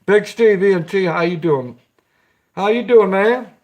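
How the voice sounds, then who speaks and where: A man's voice: high voice, measured pace, a little mellow. A man hosting a casual live stream, chatting with viewers, greeting them by name and giggling often.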